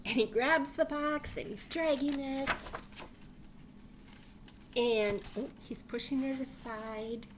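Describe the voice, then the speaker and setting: A woman reading a picture book aloud to children, animated and asking them questions. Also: sits high, slow, pauses often, background noise. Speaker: library read-aloud reader.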